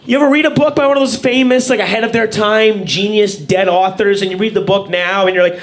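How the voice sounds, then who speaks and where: A man's voice: high-pitched, fairly quick, hardly any pauses. A man performing a stand-up comedy set, ranting with sarcastic, incredulous, profane delivery. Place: comedy stage before a laughing audience. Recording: live room with loud crowd laughter.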